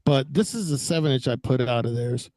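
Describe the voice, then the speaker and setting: A man from Texas, a guest on a video call, telling stories in a profane, animated way. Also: medium pitch, brisk, no echo. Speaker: guest, former record label owner. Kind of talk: casual chat on a video call.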